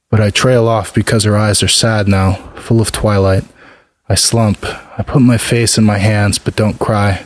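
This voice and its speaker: Low, dry male narrator for a sombre first-person fantasy story. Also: flat delivery, a little slow, dry recording.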